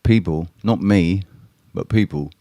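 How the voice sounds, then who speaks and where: His deep, warm voice moves at an unhurried pace while he chats bluntly with livestream viewers, swearing often and wandering from point to point. The sound is clean studio quality without echo.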